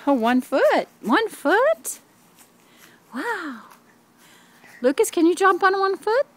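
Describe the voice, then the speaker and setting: A woman's voice: very high-pitched, big pitch swings, slow. An older woman, a grandmother, playfully encouraging children and laughing often, recorded outdoors on a home video camera.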